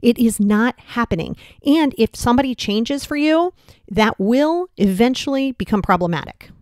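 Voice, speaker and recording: Woman, podcast host, slightly high voice, dry close sound, direct, rhetorical questions. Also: lively intonation, normal speed, a little mellow, no room sound. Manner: blunt, casual, with mild swearing. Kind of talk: solo motivational podcast talk.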